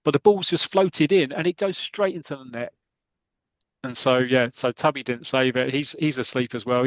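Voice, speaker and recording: A man's voice: medium pitch, a bit bright, no echo. A man hosting a podcast, casually retelling a comic story in a rambling, chatty way. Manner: rambling, many fillers and restarts, chatty. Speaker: podcast host.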